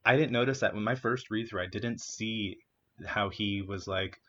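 A man's voice: lowish voice, moderate pace, a bit bright, dull audio. A young man casually discussing a novel, chatty with many fillers, sometimes acting out quotes. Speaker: discussion partner.

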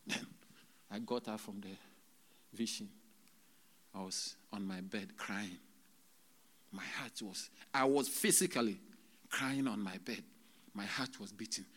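A man preaching a sermon to a congregation, swinging between loud exclamations and hushed, whispered retelling, halting often as he speaks. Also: fairly low pitch. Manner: halting, with many restarts and drawn-out words. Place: church service.

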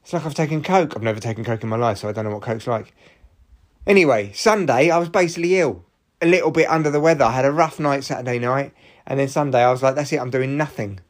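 Hosting his own podcast alone, this male comedian talks fast in a mid-range voice, rambling with hyper energy, frequent restarts and excited leaps in tone.

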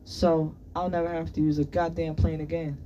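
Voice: mid-range voice, flat delivery, moderate pace, mellow, distant mic, lo-fi sound, soft background music, natural voice. A reader voicing a cool, laid-back teenage boy who talks in casual slang in a book reading.

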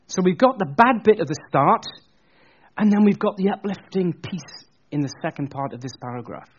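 A man preaching a sermon, telling a story in an animated, chatty way with jokey asides. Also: sits high, a little fast, breathy edge, muffled recording.

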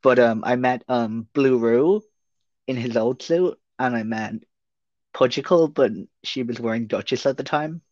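A man's voice: mid-range voice, a little slow, darkish tone, no room sound. A young Irish man, a guest on a podcast, talking casually and rambling with lots of hesitations. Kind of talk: casual interview chat. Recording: dry, muffled lo-fi audio.

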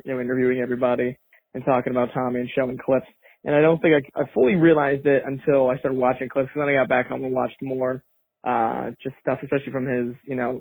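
A man's voice: medium pitch, gravelly. A man from Massachusetts leaving an earnest, rambling voicemail over the phone. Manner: earnest, rambling, many fillers. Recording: tinny phone line.

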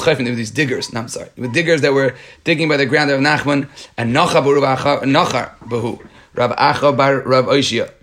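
Guy going through a talmud page, reading, mid-pitch voice, stops and restarts to explain in english. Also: fairly bright tone. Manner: reads Aramaic aloud, then explains in English with frequent restarts. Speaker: Talmud teacher.

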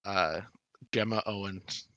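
Blunt, forceful man chatting on a podcast. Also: deep voice, steady tone, slow, no echo, dull audio. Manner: blunt, swears freely, laughs easily. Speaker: podcast co-host. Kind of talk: casual chat, answering quiz questions.

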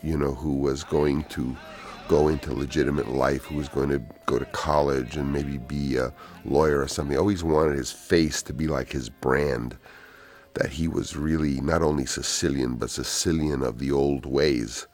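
An older man, a film director, telling rambling anecdotes in a soft, unhurried commentary. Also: rumbling low, fairly even intonation, faint music behind.

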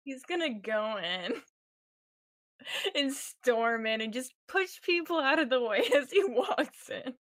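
A woman playing a tabletop game, giggly and animated as she describes her character's actions. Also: sits high, takes it slowly. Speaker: player. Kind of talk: casual tabletop role-play.

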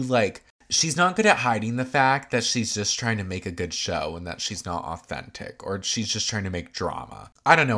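A man's voice: fairly low pitch, pushed and bright. A man casually recapping a reality TV episode, chatty and opinionated, with lots of filler words.

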